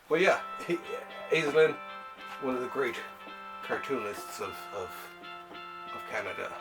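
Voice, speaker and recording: A man's voice: medium pitch, expressive, slow, pauses often, over loud music. A man hosting a casual show about comic books, rambling and often laughing as he talks. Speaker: show host. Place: home library room.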